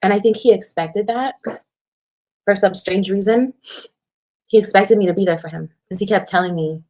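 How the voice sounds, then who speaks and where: A woman telling her side of a breakup on a livestream in an animated, profane way, repeating lines for emphasis. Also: medium pitch, normal speed. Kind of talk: casual livestream storytelling.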